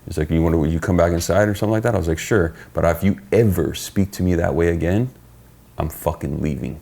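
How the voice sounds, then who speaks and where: A middle-aged man, a podcast guest, telling stories in casual chat, profane and animated as he acts out what people said. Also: low voice, fast talker, gravelly. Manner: profane, animated storyteller acting out quoted dialogue.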